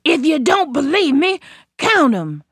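A loud, proud male alligator who calls out and brags, played by a woman telling the tale. He sounds close and dry, with no room around him. Pitch sits high and pushed for a big swamp beast. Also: sing-song, unhurried, dry recording. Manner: loud, calling out. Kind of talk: folktale storytelling.

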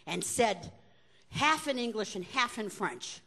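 An older woman telling personal stories to a live audience in an animated, conversational way with wry asides. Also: a little high, takes it slowly. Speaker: storyteller.

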